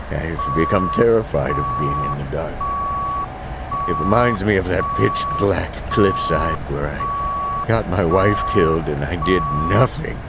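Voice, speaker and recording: An actor playing a guilt-ridden older widower in a game, speaking a slow, somber confessional monologue. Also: male voice, low voice, creaky, heavy background noise, exaggerated voice. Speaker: game character narrating. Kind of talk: game narration.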